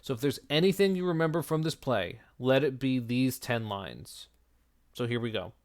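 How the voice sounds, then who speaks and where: Speaking in an animated, mid-range voice at normal speed, a man walks through a literary text line by line. His teaching is conversational, built on rhetorical questions he asks and answers himself.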